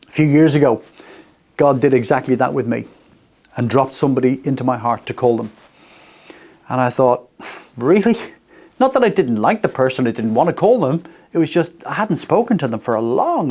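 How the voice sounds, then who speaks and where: A radio host in his sixties speaks from the studio in a slightly high voice with a darkish tone. His faith talk is earnest and personal, delivered in short phrases he keeps repeating.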